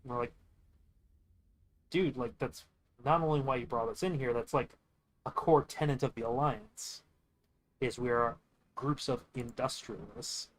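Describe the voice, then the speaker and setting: A man's voice: mid-range voice, measured pace, pauses often, slight background noise, low-quality recording. A young man streaming games and telling a long rambling story in a casual, profane way, quoting others as he goes. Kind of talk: casual storytelling while gaming.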